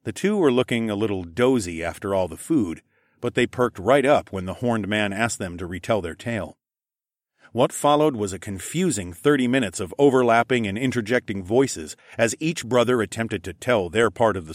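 A man narrating a first-person fantasy audiobook. His voice is lowish and moves a lot in pitch, expressive with a wry edge. It sounds dry and close to the mic. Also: no room sound.

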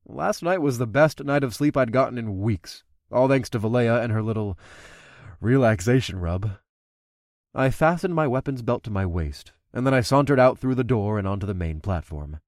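Male audiobook narrator, lively swinging pitch, dry close recording. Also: normal speed, no room sound. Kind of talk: scripted narration with character dialogue.

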